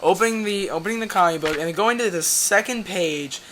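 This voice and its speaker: A young man with a high, sharp voice chats his way through a pile of comics. He rambles and stumbles, corrects his own words, and keeps dragging himself back to the point. A faint room hum sits behind him. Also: a little fast. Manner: rambling, loses his train of thought and self-corrects. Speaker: comic book vlogger. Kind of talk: casual rambling video commentary.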